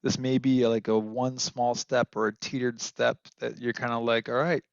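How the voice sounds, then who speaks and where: A man's voice: mid-range voice, flat delivery, moderate pace, vocal fry, clean tone, no echo, dull audio. A man from Minnesota, a guest on a casual podcast, talking candidly and rambling with lots of fillers.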